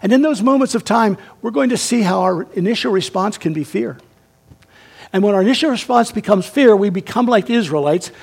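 Gravelly-voiced male preacher. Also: sits high. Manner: emphatic, swings between raised and hushed delivery. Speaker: pastor. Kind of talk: sermon.

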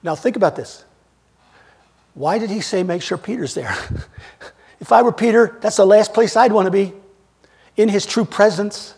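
Male preacher, high husky voice, storytelling sermon with loud and quiet swings. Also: moderate pace, long pauses. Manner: storytelling, acting out scripture scenes with big swings in loudness.

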